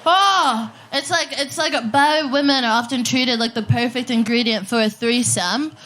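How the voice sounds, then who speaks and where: A woman's voice: fairly high pitch, normal speed, fairly bright tone. A woman performing a brash, rowdy live stand-up comedy set on a festival stage. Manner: brash, rowdy, punchy delivery.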